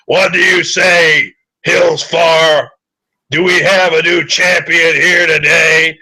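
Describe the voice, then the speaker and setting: A man voicing a hard-bitten older male wrestling trainer with a gravelly voice and a slow, menacing drawl in a tabletop game. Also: fairly high pitch, steady tone, bright, forceful tone, heavily acted, rough recording. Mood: rousing.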